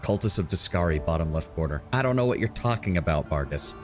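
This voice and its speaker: A male game streamer with a very low, deep voice. He reads role-playing game text aloud and breaks off for joking asides to his chat. His talk is loose and conversational. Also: animated, fast talker, soft background music. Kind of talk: live game stream with casual commentary.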